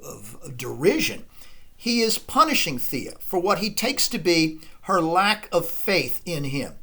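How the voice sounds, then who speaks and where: A man lecturing on a play in a measured way, pausing often with ums. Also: on the high side, a bit bright. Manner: measured, with frequent ums and pauses. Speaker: literature lecturer.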